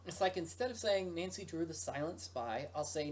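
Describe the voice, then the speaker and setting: A man's voice: a little high, big pitch swings, slow. A man giving playful let's play commentary, joking and breaking into silly sung rhymes. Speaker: video game streamer. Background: game music.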